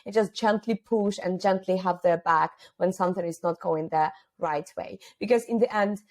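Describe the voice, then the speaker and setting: A woman's voice: lowish voice, normal speed. A woman hosting a casual interview, affirming her guest. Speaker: podcast host.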